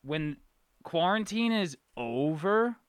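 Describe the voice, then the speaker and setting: A man's voice: fairly high pitch, expressive, takes it slowly, smooth, no echo, clean studio sound. A man in casual chat, making wry, reflective remarks.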